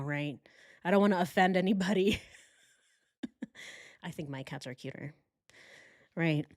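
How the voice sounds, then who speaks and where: A woman's voice: medium pitch, dry recording, studio quality. A woman hosting a true crime live stream, talking casually and mocking the people she quotes in put-on voices. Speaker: true crime show host.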